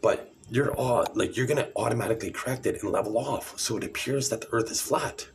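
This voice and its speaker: A man's voice: medium pitch, a little fast, slight background noise. A man ranting in a rambling, sarcastic, profane monologue to camera, calling people idiots. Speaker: vlogger.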